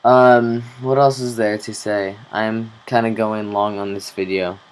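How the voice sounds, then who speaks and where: Young man, relaxed unhurried delivery, casual swearing, diary-style vlog to camera. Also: fairly low pitch, clear, resonant tone, low-quality recording. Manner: slow, rambling, swears casually. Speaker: vlogger.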